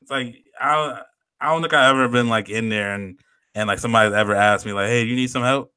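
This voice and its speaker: A man's voice: lowish voice, fairly even intonation, fairly quick, pushed and bright, smooth, no echo. A young man on a podcast, casually telling a story with lots of slang and swearing. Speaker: podcast co-host. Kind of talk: casual chat.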